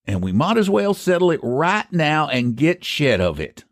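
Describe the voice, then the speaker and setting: A man voicing a stubborn, quick-tempered older rural pie seller with a rural American dialect and a folksy drawl. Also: fairly high pitch, big pitch swings, dry recording, studio quality, voice pushed up. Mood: indignant. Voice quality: folksy drawl, old-fashioned country grammar.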